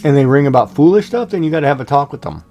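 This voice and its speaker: A man's voice: a little high, lively intonation, very fast, warm tone, dull audio, faint music behind. A man hosting a livestream, chatting casually and jokingly with viewers. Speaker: livestream host.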